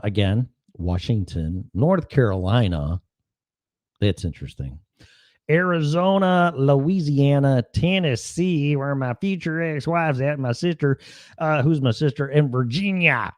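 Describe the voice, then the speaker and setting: On a dry recording, a man with a mid-range voice hosts a laid-back solo livestream. This podcast host rambles, throws out sarcasm and profanity, and keeps jumping between subjects.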